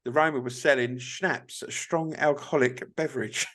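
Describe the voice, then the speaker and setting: A man's voice: mid-range voice, fairly even intonation, moderate pace, a bit bright. A young man co-hosting a casual podcast chat, swearing often and breaking into laughs as he reads aloud. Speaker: podcast co-host.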